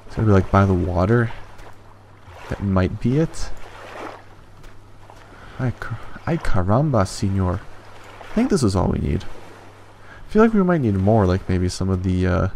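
A young man doing let's play commentary, excitable and swearing often, jumping into high yelps when frustrated. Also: moderate pace, creaky, a little hiss or hum. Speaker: gaming YouTuber.

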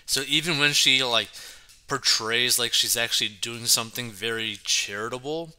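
A man's voice: medium pitch, moderate pace, pushed and bright, clear, resonant tone. A man giving casual commentary on a news story, chatty and filling his talk with "right" and "like". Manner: chatty, keeps saying right and like. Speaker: commentary channel host.

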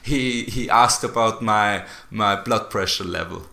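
A man's voice: on the low side, a little slow, creaky, bright, forceful tone. A man from Austria with an Austrian German accent, hosting a casual podcast chat, talking loosely with frequent laughs and restarts. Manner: chatty, laughs often, many restarts. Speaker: podcast host.

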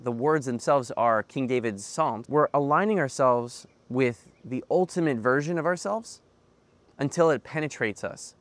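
A man's voice: medium pitch, no echo. A young man talking earnestly to camera in a reflective vlog monologue, often repeating phrases for emphasis. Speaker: self-help vlogger.

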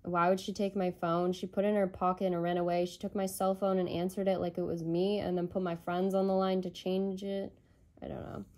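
A woman's voice: lowish voice, level tone, a little fast, a little mellow. A woman giving a channeled tarot reading, rambling and tentative as she thinks aloud. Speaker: tarot reader.

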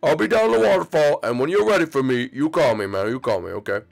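A man's voice: medium pitch, expressive, quick pace, gravelly, soft background music, rough recording. A man voicing a brash, hotheaded male ape in a hobby roleplay, who keeps saying "man". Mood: eager. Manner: brash, says "man" a lot.

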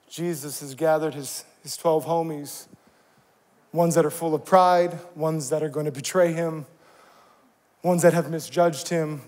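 A male pastor preaching a sermon, swinging between impassioned shouts and a low, conversational tone. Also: big-room sound. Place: church service with congregation.

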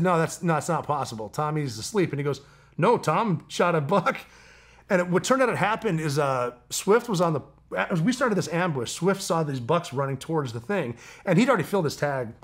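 Guy telling a wild hunting story, kinda high voice, laughs a lot and acts out what people said. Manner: animated storyteller, laughs often, mimics people in quotes. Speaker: guest. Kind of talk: storytelling in a casual interview.

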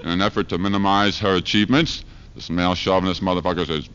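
Recorded live at a university in the 1970s, a street preacher comedian fires off a profane, wandering monologue punctuated by rhyming chants. He talks fast in a low, somewhat bright voice that is clear and resonant. The lecture hall audience comes through on a dull, lo-fi archive recording.

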